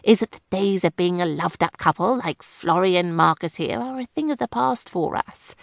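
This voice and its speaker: A woman voicing a long-suffering, henpecked male headmaster, who sighs and talks slowly. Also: on the low side, creaky, no room sound, clean studio sound. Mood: weary. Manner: sighing, slow, put-upon.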